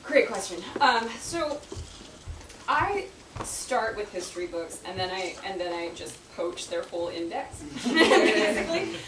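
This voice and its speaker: A woman author answering audience questions in casual talk, chatty and quick to laugh, with many fillers. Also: mid-range voice, sing-song. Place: book event room. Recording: echoey room, distant mic, noisy.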